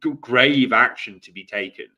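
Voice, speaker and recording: A man talks through a political podcast in a halting, casual way. He stops often with fillers and restarts his sentences. His voice sits at a middling pitch. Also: pushed and bright, lo-fi sound. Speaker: podcast co-host.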